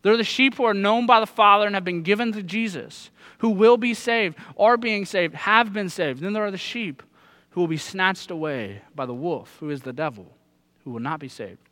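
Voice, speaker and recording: A man's voice: high-pitched, moderate pace, sharp tone. A man in his thirties preaching a sermon, earnest and putting direct questions to his listeners. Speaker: pastor.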